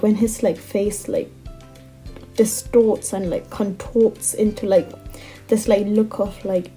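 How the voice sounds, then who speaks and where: A young woman with a deep, mellow and very dark tone recaps a manga in a loose, chatty way. She leans on "like" as a filler and adds exasperated asides. Faint music plays behind her. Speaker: manga commentator. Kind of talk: casual recap rant.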